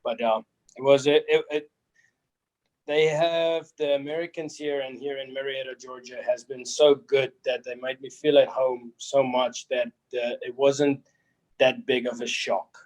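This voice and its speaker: A man's voice: medium pitch, fairly even intonation, a little mellow, poor audio. Easygoing young man. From South Africa. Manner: easygoing, halting. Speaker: rugby player guest. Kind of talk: casual interview answers.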